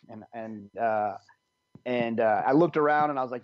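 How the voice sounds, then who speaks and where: A man tells a long, rambling story on a podcast, stumbling and restarting as he acts out what people said. His voice sits at a middle pitch, and it sounds dry and a little dull. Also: moderate pace, no echo. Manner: rambling, many restarts, animated. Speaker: podcast guest telling a story. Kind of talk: casual storytelling.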